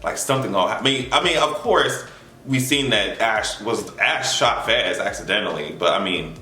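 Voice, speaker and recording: A man giving a casual TV episode recap, animated and profane, acting out his own reactions. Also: lowish voice, moderate pace. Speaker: TV recap vlogger. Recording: echoey room with faint music.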